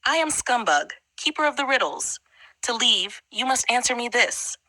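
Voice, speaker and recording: Brief: sinister riddling frog monster read by a woman, raised and bright, storybook audiobook. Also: on the high side, lively intonation, normal speed, dry recording, voice pushed up. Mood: menacing. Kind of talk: audiobook character reading.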